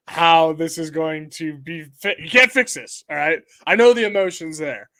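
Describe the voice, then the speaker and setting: A man's voice: fairly high pitch, a bit bright. A young adult man co-hosting a podcast, teasing his partner in casual sports banter with hesitant restarts. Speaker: podcast co-host.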